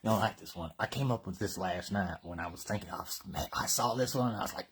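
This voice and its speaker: A man's voice: lowish voice, fast talker, few pauses, a bit bright, a little hiss or hum. A man from Colorado hosting a live workout, joking around in casual banter and slightly winded from exercising. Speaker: fitness host.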